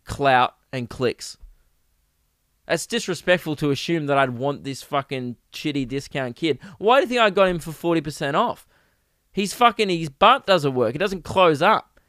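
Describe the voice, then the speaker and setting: A man's voice: fairly high pitch, brisk, fairly bright tone, smooth, dry recording, clean studio sound. A young man hosting a comedy podcast, riffing crudely and acting out silly bits. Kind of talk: rambling comic monologue.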